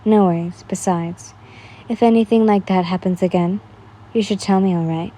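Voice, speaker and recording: A woman voicing a brash, loud teenage boy classmate in a read-aloud fan story, speaking bluntly and pushily. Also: mid-range voice, steady tone, normal speed, pitched below the performer's own voice, natural voice. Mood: protective.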